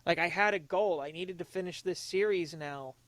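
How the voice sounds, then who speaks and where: High-voiced earnest young man. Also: fairly bright tone, no room sound. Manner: earnest, halting, with many restarts; emotionally open, confessional. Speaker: podcast co-host. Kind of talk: casual podcast talk.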